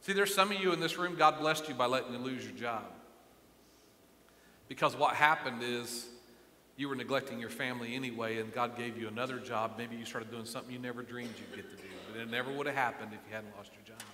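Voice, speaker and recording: Passionate preacher with a bright voice. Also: male voice, mid-range voice, brisk, a little hiss or hum. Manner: passionate, swings from quiet to loud. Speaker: pastor. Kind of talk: sermon. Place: church sanctuary. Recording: echoey church hall.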